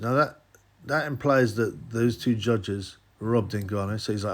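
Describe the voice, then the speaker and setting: A man's voice: lowish voice, a little slow. Man, boxing host, rambling solo commentary, restarts, mock voices.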